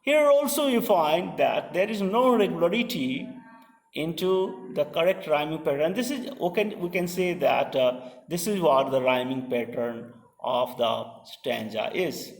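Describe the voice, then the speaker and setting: A man giving a slow, deliberate poetry lecture, asking rhetorical questions and pausing with fillers. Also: fairly high pitch, animated, creaky. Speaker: literature lecturer. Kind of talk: classroom-style poetry lecture. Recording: distant mic in a reverberant room.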